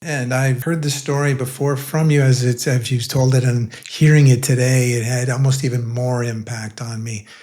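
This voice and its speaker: A man's voice: medium pitch, fairly even intonation, normal speed, hardly any pauses, darkish tone. A male interviewer reflecting appreciatively on a guest's story. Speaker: interviewer host.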